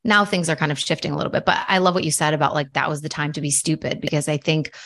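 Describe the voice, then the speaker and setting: A woman's voice: deep voice, fast, a bit bright. A young woman hosting a podcast, chatting casually with her guest and laughing easily, with many fillers. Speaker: podcast host. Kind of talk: casual interview chat.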